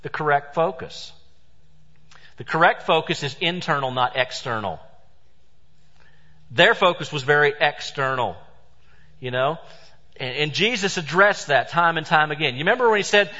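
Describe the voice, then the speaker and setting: A man preaches a sermon in a church, his fairly high, bright and forceful voice pressing hard on key words before falling into quiet asides. Long reverb rings around him. The recording sounds dull and muffled. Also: lively intonation, moderate pace, pauses often. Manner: emphatic preaching, swings between loud stresses and hushed asides. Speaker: pastor.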